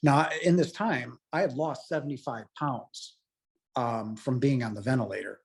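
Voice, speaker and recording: A man's voice: medium pitch, moderate pace, creaky, slightly rough. Earnest man in his late forties. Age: late 40s. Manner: earnest, heartfelt and emotional. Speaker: guest telling his near-death experience. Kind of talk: personal storytelling.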